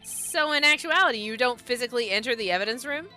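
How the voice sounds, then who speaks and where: A woman's voice: fairly high pitch, expressive, fast, pushed and bright, soft background music, pitched above the performer's own voice. A woman voicing an earnest young male defense lawyer, asking direct, probing questions. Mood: questioning.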